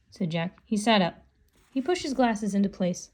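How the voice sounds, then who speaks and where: A woman reading a children's book aloud in a calm, unhurried voice. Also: medium pitch. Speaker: storybook reader.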